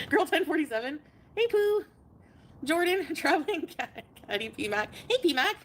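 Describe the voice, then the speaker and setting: A woman's voice: sits high, big pitch swings, measured pace. A woman chatting casually on a livestream and greeting her viewers one by one by name. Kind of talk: casual live stream chat.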